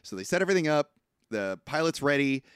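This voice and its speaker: A man's voice: fairly high pitch, big pitch swings, quick pace, fairly bright tone, clean tone, no echo, clean studio sound. A man co-hosting a podcast, chatting casually about an old film, laughing often as he retells scenes. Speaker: podcast co-host. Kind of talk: casual film discussion chat.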